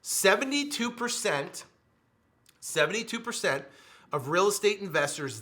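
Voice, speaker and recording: A man giving an energetic sales pitch for his software, repeating his points with emphasis and often dropping to a low mutter. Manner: repetitive, emphatic, with sudden drops to a low mutter.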